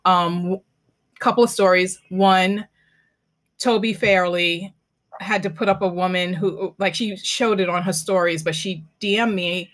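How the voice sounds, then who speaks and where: A woman's voice: on the low side, fairly even intonation, measured pace, fairly bright tone. A woman hosting a podcast, chatting casually and telling stories animatedly with many fillers. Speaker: podcast host. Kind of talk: casual interview chat.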